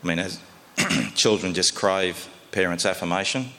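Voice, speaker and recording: Man, sermon, deep voice, forceful tone, conversational preaching. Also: unhurried, in a large hall. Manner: conversational, folksy preaching with rhetorical questions.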